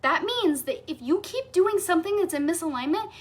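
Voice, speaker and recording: A woman's voice: very high voice, expressive, a little fast. A woman coach teaching a live masterclass, enthusiastic and emphatic, repeating phrases for stress with casual fillers. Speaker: sales and human design coach.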